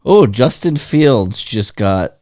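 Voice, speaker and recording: A man's voice: lowish voice, sing-song, slow pace, a little mellow, no echo, studio quality. A man co-hosting a podcast in casual chat, riffing on crude puns and joking with his partner. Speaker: podcast co-host.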